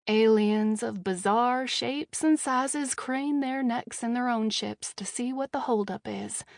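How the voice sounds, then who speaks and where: A woman narrating a first-person audiobook with a wry, measured delivery, recorded close in a studio booth. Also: fairly high pitch, no echo.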